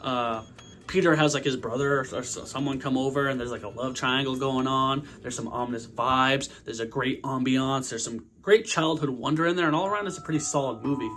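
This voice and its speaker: A young man giving a casual horror movie review, talking in a slangy, profane, animated way. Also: medium pitch, a little fast, a little hiss or hum.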